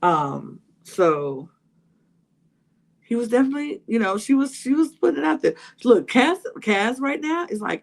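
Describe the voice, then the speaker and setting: A woman's voice: fairly high pitch, big pitch swings, a little slow, gravelly. A woman hosting a podcast, casually recapping a reality show, full of "like" and "you know" and acting out what people said. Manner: chatty, full of "like" and "you know", acts out quotes. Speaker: podcast host.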